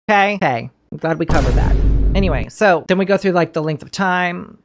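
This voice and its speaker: A woman's voice: on the low side, animated, fairly quick, background noise. Woman host, casual recap commentary, blunt and emotional, swears a lot.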